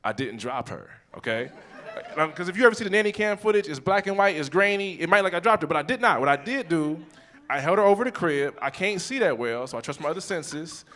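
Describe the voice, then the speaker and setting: A man in his forties tells a story on a comedy stage into a handheld mic. His voice sits fairly high and swings widely in pitch. He is profane and animated, jumping in and out of quoted voices. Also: fast talker. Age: 40s. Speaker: stand-up comedian. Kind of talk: live stand-up storytelling.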